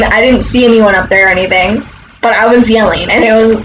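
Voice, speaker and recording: A woman's voice: medium pitch, fast, a bit bright, slight background noise, low-quality recording. A young woman vlogger telling a casual story outside her front door, rambling with many fillers and swearing.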